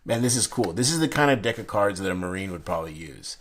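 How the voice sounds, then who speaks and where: Young man, low and husky, loose chatty card-review vlogger who rambles. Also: fairly quick, fairly bright tone. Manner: rambling, chatty storyteller with many fillers and restarts. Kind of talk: casual unboxing chat.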